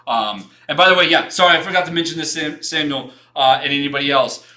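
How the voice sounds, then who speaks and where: A man's voice: a little high, quick pace, sharp tone. A young man hosting a design livestream, giving frank, rambling portfolio feedback with many restarts and some casual swearing.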